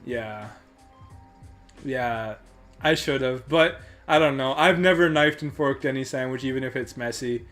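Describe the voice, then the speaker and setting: A man's voice: mid-range voice, unhurried, fairly bright tone, faint music behind. A man from Canada chatting on a podcast, rambling with restarts and fillers and laughing often. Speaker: podcast co-host. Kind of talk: casual chat.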